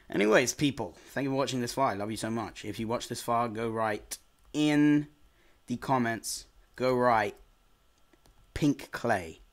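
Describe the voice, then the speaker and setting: A young man giving casual gameplay commentary as host of his channel, excitable and quick to yelp in frustration. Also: lowish voice.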